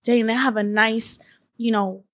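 Young woman, wellness coach guest, candid and lively, jumps into voices for quotes, slightly high pitch. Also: unhurried, no room sound, studio quality. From Latin America. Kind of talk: candid podcast storytelling.

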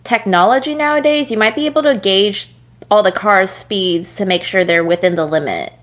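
A woman's voice: medium pitch, moderate pace. A woman co-hosting a casual podcast, talking through a race in a chatty, analytical way with frequent laughs. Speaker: podcast co-host. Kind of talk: casual chat about motor racing.

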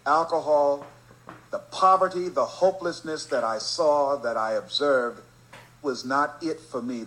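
A man from Miami giving a storytelling motivational speech, emphatic and rhythmic, slowing down to stress key phrases. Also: mid-range voice, a bit bright, rough recording. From Miami, Florida. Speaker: motivational speaker.

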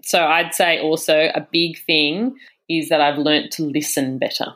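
A woman's voice: sits low, steady tone, unhurried, fairly bright tone. A woman, a mother and guest, talking candidly in a casual interview and acting out the voices she quotes.

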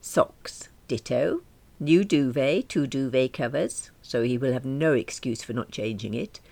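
A woman's voice: a bass voice, measured pace, creaky, darkish tone, no room sound. A woman reading a diary-style story aloud in a wry, dry manner. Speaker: reader.

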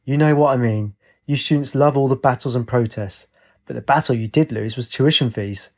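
A man's voice: mid-range voice, moderate pace, close to an everyday voice. A man voicing a jokey bakery counter man who teases his customers in blunt banter. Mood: mocking.

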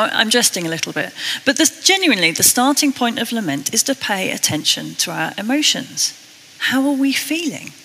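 A British woman preaching a sermon, earnest and a little self-deprecating, slowing down to read scripture. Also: mid-range voice, sharp tone, breathy edge, in a large hall, poor audio. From Britain.

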